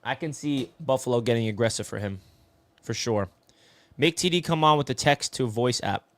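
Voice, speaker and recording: A man's voice: medium pitch, moderate pace. A man hosting a casual live sports talk stream, reading viewer comments and calling people "bro". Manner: chatty, answers viewer comments, says "bro" a lot.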